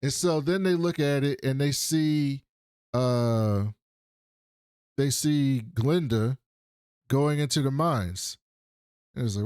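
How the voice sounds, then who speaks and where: Taking it slowly and pausing often, a man with a medium-pitched, clean voice co-hosts a podcast and recaps a TV episode. He retells it with animation, performing the characters' lines complete with swearing, in studio-quality sound with no room noise.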